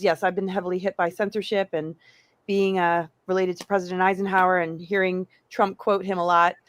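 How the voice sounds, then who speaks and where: A woman speaking as a guest on a roundtable podcast, effusive and halting as she gives her praise. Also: mid-range voice, no room sound. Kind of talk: casual roundtable chat.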